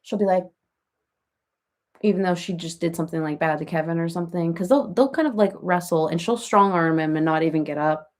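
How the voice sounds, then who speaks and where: A woman's voice: on the low side, a little fast, darkish tone, close to an everyday voice. A woman playing a rambling, chatty reality-TV woman in a comedic parody livestream, who baby-talks her cats and answers viewers by name.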